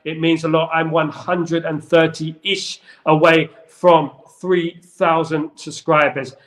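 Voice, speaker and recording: A man's voice: a little high, level tone, slow pace. A man hosting a casual football chat who rambles and jokes, with lots of wordplay. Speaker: football channel host.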